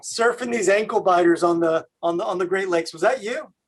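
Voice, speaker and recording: A man from Canada hosting a video call, talking in a halting way with many fillers. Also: high-pitched, breathy edge. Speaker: host.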